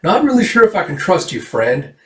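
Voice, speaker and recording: A man's voice: high voice, big pitch swings, a little fast, pitched above the performer's own voice. A man doing a blunt, threatening tough guy. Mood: menacing. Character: tough male bounty hunter, blunt and threatening. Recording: roomy, distant mic.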